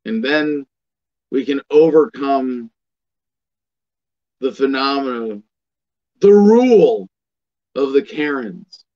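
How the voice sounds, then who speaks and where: A man's voice: mid-range voice, lively intonation, takes it slowly, pauses often, dark tone, dull audio. A man hosting a political commentary show, delivering a sardonic, emphatic monologue and reading passages aloud.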